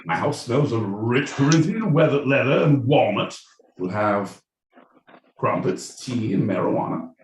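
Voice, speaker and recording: A man voicing a crass, boozy London Cockney man in a loud, boastful way on a podcast. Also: mid-range voice, animated, unhurried, echoey room, distant mic, slight background noise, lightly acted. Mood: posh inviting. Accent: put-on Cockney.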